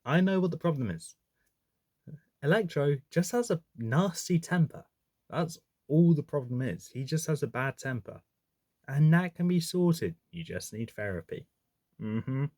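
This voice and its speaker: A man's voice: fairly high pitch, animated, measured pace, mellow, no room sound, clean studio sound. A man giving a casual, opinionated film ranking, chatty and often correcting himself mid-sentence. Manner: chatty, opinionated, self-correcting with frequent restarts. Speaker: movie reviewer. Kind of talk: casual movie ranking commentary.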